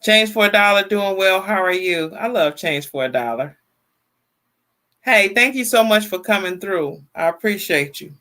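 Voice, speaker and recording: A woman in her fifties hosting a casual livestream, chatty and lively, greeting viewers by name and often repeating herself in colloquial phrasing. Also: lowish voice, unhurried. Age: 50s. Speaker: livestream talk show host. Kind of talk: casual livestream chat, reading viewer comments.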